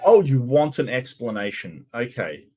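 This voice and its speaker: A man's voice: mid-range voice, very animated, moderate pace, warm tone, faint music behind. A man hosting a reaction video, giving sarcastic, rambling commentary. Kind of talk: casual commentary.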